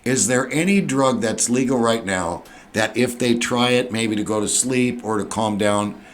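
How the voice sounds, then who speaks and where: A man's voice: mid-range voice, moderate pace, slight background noise. A man interviewing a guest in a folksy, rambling way, telling stories and jumping between thoughts.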